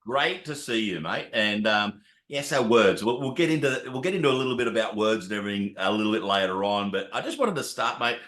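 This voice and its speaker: Aussie bloke hosting an interview, chatty and matey, echoey room. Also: male voice, lowish voice, expressive, fairly quick, a bit bright. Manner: chatty, matey, says "mate" a lot. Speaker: podcast host. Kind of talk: casual interview chat.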